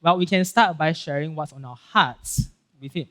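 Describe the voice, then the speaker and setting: A male pastor with a Singaporean English accent giving a casual, animated sermon, acting out Bible scenes and checking in with "right?" and "okay?". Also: on the high side, moderate pace. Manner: casual filler-heavy talk with frequent "right?" and "okay?".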